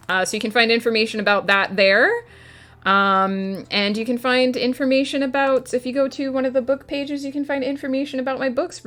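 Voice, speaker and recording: A woman's voice: medium pitch, a bit bright. A woman streaming a writing session, chatting casually with her audience and answering chat between filler words.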